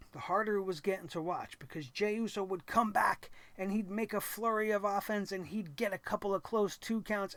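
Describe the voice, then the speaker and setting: A man hosting a wrestling show, reacting with excitement and acting out the wrestlers' lines. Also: sits high, no room sound. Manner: animated, acts out wrestlers' lines and shouts.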